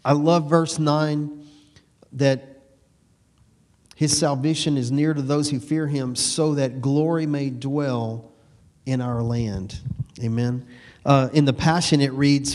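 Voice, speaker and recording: A middle-aged man from Texas with a slight East Texas twang, preaching a folksy sermon that slows down and grows louder on scripture lines. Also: a little high. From Texas, USA. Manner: folksy, repeats words, slows and swells on scripture. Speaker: pastor.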